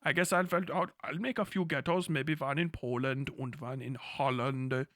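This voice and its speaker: A man doing a sheepish male dictator caricature who mumbles low and offhand. The voice stays bright and forceful despite the drop. The sound is close and dry. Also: fairly even intonation, normal speed, dry recording, natural voice.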